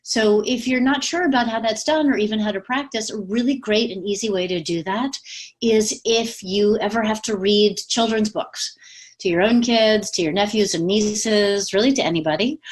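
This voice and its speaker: A woman coach talks casually from home over a video call, with a mid-pitched, ordinary voice for a woman. She is lively and chatty and laughs easily as she explains her advice. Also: moderate pace. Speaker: communication coach. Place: home with pets.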